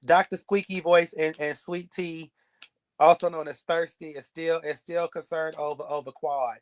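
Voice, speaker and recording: A man's voice: on the high side, steady tone, moderate pace. A man giving a sassy, blunt, gossipy recap of a reality show episode. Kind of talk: casual recap commentary.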